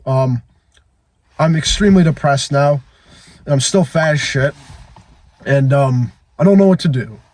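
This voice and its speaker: A man's voice: medium pitch, expressive, measured pace, long pauses, a little mellow, a little hiss or hum. A man in his twenties talking into his phone in a blunt, profane, emphatic confessional monologue. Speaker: fitness vlogger.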